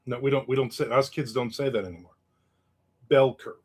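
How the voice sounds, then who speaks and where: A man's voice: mid-range voice, a little fast, slightly rough. A man in his fifties hosting a casual livestream, reading comments with rambling, joking remarks and chuckles. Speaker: host.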